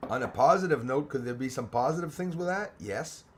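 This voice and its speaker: A man's voice: mid-range voice, animated, fairly quick, a little hiss or hum. A middle-aged man from Canada hosting a casual live stream, greeting viewers by name and sometimes switching into French.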